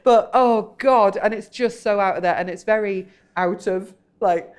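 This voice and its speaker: A woman co-hosting a casual chat podcast, animated and giggly, breaking into snatches of song, with her mic peaking when she gets loud. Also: medium pitch, measured pace. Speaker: podcast co-host. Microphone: microphone peaking when loud.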